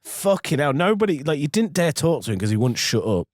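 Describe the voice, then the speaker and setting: A man's voice: a little high, big pitch swings, brisk, dry recording, studio quality. A man, co-hosting a casual podcast and telling rambling, sweary anecdotes full of restarts. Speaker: podcast co-host. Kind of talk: casual storytelling chat.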